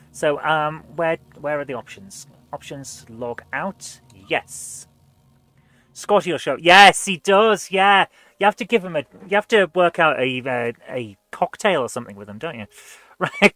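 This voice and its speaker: A woman hosting a live gameplay stream, chatting casually and thinking aloud while she plays, with quick reactions. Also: low-pitched, fairly bright tone, dry recording. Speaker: streamer and show host.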